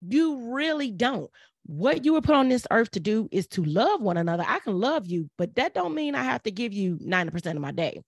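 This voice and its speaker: A woman's voice: a little high, very animated, fairly quick, no echo, studio quality. A middle-aged woman, speaking in an earnest, preachy way and repeating phrases for emphasis. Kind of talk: casual motivational talk.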